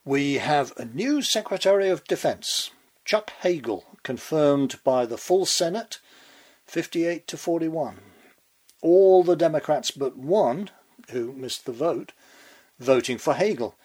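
A man's voice: on the high side, a little mellow, slightly rough. A man delivering a scripted political commentary monologue with sardonic, sarcastic asides.

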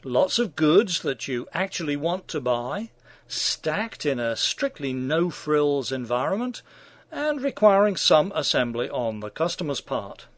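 A man's voice: on the high side, very animated, a little slow, dry recording. A man delivering scripted opinion commentary in a sardonic, mocking manner.

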